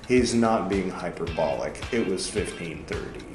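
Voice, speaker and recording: A man's voice: sits low, moderate pace, hardly any pauses, reverberant, soft background music. A man hosting a podcast, reading a text aloud and breaking off for wry, joking asides. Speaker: podcast host.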